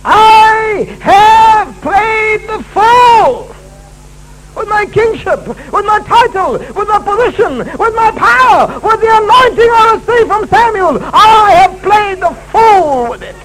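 A man preacher voicing a remorseful king who cries out his confession in slow, drawn-out, shouted words. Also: extremely high pitch, expressive, a little hiss or hum, pitched above the performer's own voice, heavily acted, poor audio. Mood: anguished.

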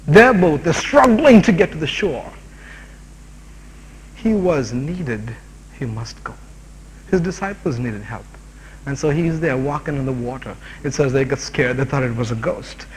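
Animated man preaching in a reverberant hall. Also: fairly high pitch, slightly rough. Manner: animated, rising to shouted exhortation. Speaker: Bible teacher. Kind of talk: expository sermon.

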